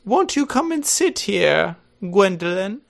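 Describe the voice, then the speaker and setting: A man voicing a haughty, prim old aristocratic English lady in a high falsetto, reading a stage play aloud on a podcast. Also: very animated, takes it slowly, gravelly, exaggerated voice.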